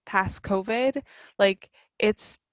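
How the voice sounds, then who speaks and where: A woman in her thirties chats casually as a podcast co-host and keeps dropping "like" between her thoughts. Her voice sits at a middle pitch, and the recording is close and dry. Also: drawn-out words, dry recording, poor audio. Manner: chatty, peppered with "like". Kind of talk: casual chat.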